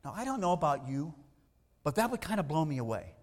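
Guy preaching a sermon, kinda high voice, gets loud then hushed, big hall echo. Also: fairly quick. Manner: animated preaching, swings between loud emphasis and hushed asides. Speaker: pastor. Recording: long hall reverb.

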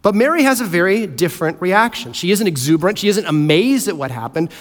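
A man preaching a sermon as pastor, animated and playfully acting out characters. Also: sits high, fast. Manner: animated, acts out voices of characters. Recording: hall reverb.

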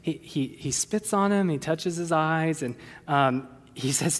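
High bright-voiced pastor guy preaching, lively and jokey, big echoey church hall. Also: unhurried. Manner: animated, conversational preaching with playful asides. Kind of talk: sermon. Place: church sanctuary. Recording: long hall reverb.

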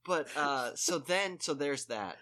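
A man's voice: on the high side, expressive, slow pace, bright, forceful tone. A man telling a story in casual chat, rambling with lots of "like" and restarts and poking fun at himself. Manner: rambling, full of "like" and restarts, self-mocking.

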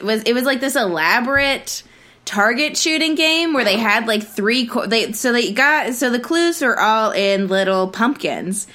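A woman's voice: fairly high pitch, sharp tone. A young woman co-hosting a podcast in casual chat, rambling along with lots of fillers and restarts. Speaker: podcast co-host.

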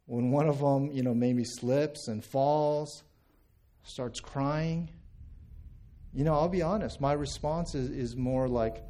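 A man's voice: mid-range voice, fairly even intonation, slow pace, mellow. A man in his thirties, a pastor from the United States, preaching a sermon in a conversational way, often repeating words and checking in with "right?".

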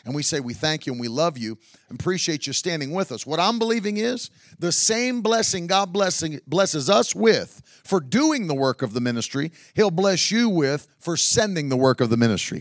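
A man's voice: fairly high pitch, a bit bright, dry recording, studio quality. A middle-aged man preaching a sermon, a chatty storyteller who laughs often and builds to emphatic preaching. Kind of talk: sermon with humorous stories.

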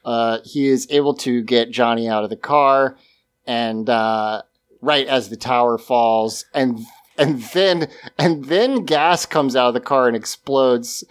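Slow-talking amused man recapping casually. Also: medium pitch. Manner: rambling, amused, laughs often, casual swearing. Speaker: podcast co-host. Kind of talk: casual episode recap chat.

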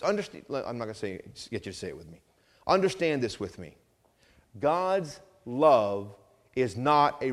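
A man preaching as pastor, reading scripture and building from quiet asides to loud, emphatic passages. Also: on the high side. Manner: reads scripture aloud. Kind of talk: sermon. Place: church sanctuary. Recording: long church reverb.

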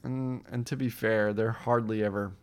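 A man's voice: on the low side, fairly even intonation, moderate pace, smooth. A man hosting a casual podcast, upbeat and chatty, rambling with fillers and frequent laughs. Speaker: podcast host.

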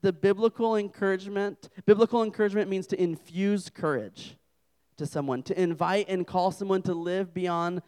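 A man's voice: high voice, steady tone, normal speed, darkish tone, clean tone. A young adult man preaching a humorous sermon to a campus group, telling self-deprecating stories as a father. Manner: joking, self-deprecating storyteller.

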